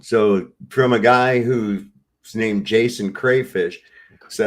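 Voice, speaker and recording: A man co-hosting a casual live-stream chat, venting with a lot of swearing and animated storytelling. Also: on the low side, slow pace. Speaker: livestream co-host.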